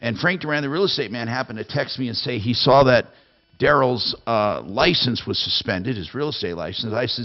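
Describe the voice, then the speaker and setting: A man's voice: medium pitch, a little fast, lo-fi sound. A man hosting a call-in radio show, giving blunt, stern advice to a caller. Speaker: radio consumer advice host.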